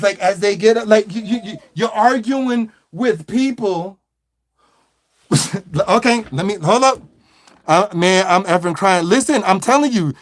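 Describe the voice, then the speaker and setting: A high-pitched man rants with mocking, animated energy. He stumbles into repeated words and laughs at his own jabs. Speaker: online commentator. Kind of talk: mocking commentary rant.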